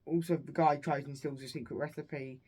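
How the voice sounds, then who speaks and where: A man's voice: on the high side, fairly even intonation, moderate pace, a little mellow. Rambling man retelling a film plot. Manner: rambling, meandering, self-correcting retelling. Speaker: movie reviewer. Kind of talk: casual plot recap.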